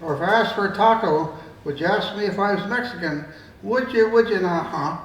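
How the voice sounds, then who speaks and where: A man's voice: sits high, a little fast, a little hiss or hum. An older man voicing an indignant, argumentative Irishman at a store counter in a told joke. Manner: indignant, insistent, rising. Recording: roomy room, mic far off.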